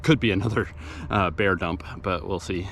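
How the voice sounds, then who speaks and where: Low male voice, rambling outdoor vlog narration, matter-of-fact, faint background noise. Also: moderate pace, creaky, fairly bright tone. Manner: rambling, matter-of-fact, with many fillers and restarts. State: out of breath after a hill climb. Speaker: volunteer litter picker and channel host. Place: outdoors in woods and by a roadside.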